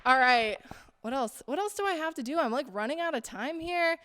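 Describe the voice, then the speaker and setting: A woman's voice: sits high, animated, brisk, fairly bright tone. Young woman doing stand-up in a big echoey theater, rambly self-deprecating, lotta "like"s. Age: young adult. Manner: chatty, filler-heavy, self-deprecating, full of "like". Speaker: student stand-up comedian. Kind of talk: stand-up comedy set. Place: theater stage, tiny live audience. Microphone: handheld stage microphone. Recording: long reverb of a theater hall.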